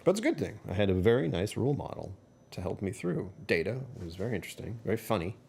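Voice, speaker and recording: A man's voice: on the low side, big pitch swings, fast, creaky, darkish tone, a little hiss or hum. Rambling middle-aged man on a livestream. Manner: rambling, chuckling, chatting with viewers. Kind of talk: casual livestream chat.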